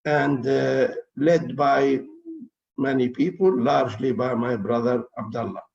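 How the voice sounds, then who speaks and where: A man in his eighties from Palestine, answering interview questions slowly and deliberately, often pausing with hesitant fillers. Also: mid-range voice, steady tone, gravelly, darkish tone. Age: 80s. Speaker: interview guest. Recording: dull lo-fi recording.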